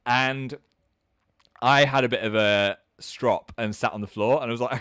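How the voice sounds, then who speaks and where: A man in his thirties, hosting a casual livestream chat in a chatty, self-mocking way and jumping up in pitch for comic voices. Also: unhurried, a bit bright, smooth, no room sound, studio quality. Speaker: livestream host.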